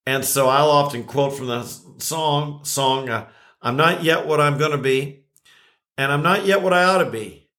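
Bright-voiced older man, self-deprecating. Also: a little high, moderate pace. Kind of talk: casual conversation.

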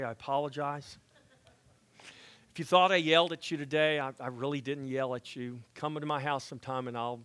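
Delivering his sermon in a medium-pitched voice, a pastor moves from quiet, hushed moments to loud exhortation, with folksy jokes tossed in along the way.

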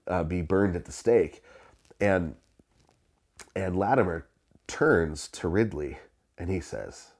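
A man with a very low voice tells a story from the pulpit in a loose, conversational way. He stumbles over restarts and fillers, and he chuckles as the story unfolds. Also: darkish tone. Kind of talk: sermon storytelling.

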